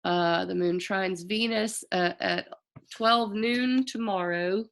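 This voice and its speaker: A woman's voice: mid-range voice, unhurried, a bit bright. A woman astrologer giving a loose, chatty forecast, often stopping to correct herself and tossing in slang. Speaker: astrologer host.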